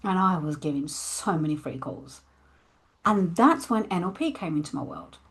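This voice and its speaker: A woman's voice: lowish voice, normal speed, slightly rough. Candid woman telling her story. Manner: candid and expressive, acting out her past thoughts. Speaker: coach. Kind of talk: personal storytelling monologue.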